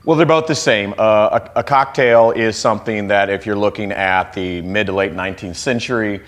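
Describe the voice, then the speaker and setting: A man talking casually as a guest on a kitchen set, explaining cocktail history with jokes and quick restarts. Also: lowish voice. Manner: chatty, joking, quick restarts. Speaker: guest mixologist. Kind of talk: casual chat.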